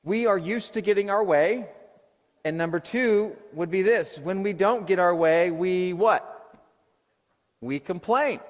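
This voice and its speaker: A middle-aged man preaching a sermon as pastor, telling self-deprecating stories in an animated way. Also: high-pitched, measured pace. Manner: storytelling with self-deprecating humor, animated retelling. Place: church auditorium. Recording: long hall reverb.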